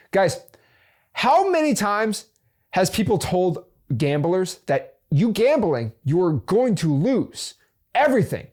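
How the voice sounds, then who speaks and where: A high-pitched man hosts a real estate investing channel, giving casual motivational advice. He plays devil's advocate and talks in quick restarts and fillers.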